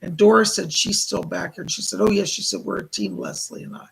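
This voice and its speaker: A hoarse man doing live psychic readings, passing on spirit messages as quoted speech. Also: high voice, big pitch swings, brisk, rough recording. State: hoarse, losing his voice. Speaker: psychic medium.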